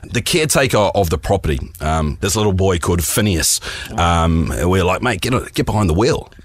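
A man's voice: low-pitched, expressive, moderate pace. A man in his thirties telling a long rambling story as a podcast guest, laughing his way through it. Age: 30s. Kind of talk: casual podcast anecdote.

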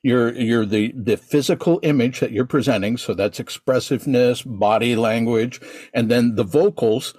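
An American man who teaches Santa performers talks through his advice in an emphatic, teacherly way. His voice is husky and slightly breathy. It is recorded dry and close, with no room sound. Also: medium pitch, moderate pace, dark tone, dry recording. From United States. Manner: emphatic, teacherly, repeats points. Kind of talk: instructive podcast talk.

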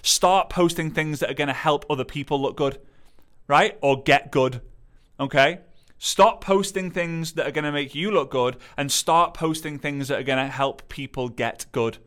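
A man giving an animated motivational talk, acting out quotes in playful voices. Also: on the high side, normal speed. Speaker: motivational speaker.

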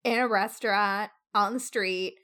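A woman's voice: mid-range voice, steady tone, measured pace, pushed and bright. A woman co-hosting a casual book discussion, reacting with wry, joking asides.

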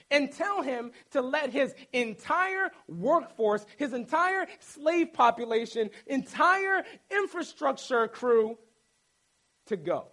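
Preacher doing God, calm and direct, matter-of-fact, high-toned voice. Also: male voice, full character voice. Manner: plain, matter-of-fact instructions.

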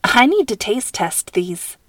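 A perky, playful teenage girl who bounces her pitch up with excitement, as a woman voices her. Light and cheerful in tone. Recorded dry and close. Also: takes it slowly, no echo, heavily acted.

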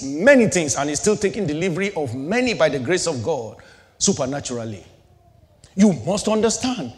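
A middle-aged male pastor preaching a sermon, asking rhetorical questions and building and dropping his intensity, in a church hall. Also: sits high. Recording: long hall reverb.

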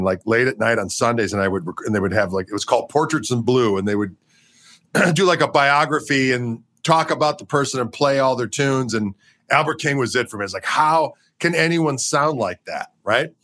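A man interviewing a musician in a casual chat, relaxed and agreeable, sharing his own stories. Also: mid-range voice.

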